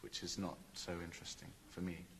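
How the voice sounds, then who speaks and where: Modest young man with a very deep voice. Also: level tone, fairly quick, creaky, fairly bright tone, slight background noise. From Scotland. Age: young adult. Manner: modest, hesitant, self-deprecating. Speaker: young guest actor. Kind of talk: TV chat show interview.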